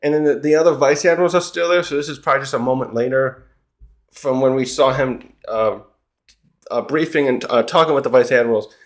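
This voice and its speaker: A man's voice: mid-range voice, fairly quick. A man giving a casual recap commentary of a comic chapter, rambling and often correcting himself. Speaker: manga chapter reviewer.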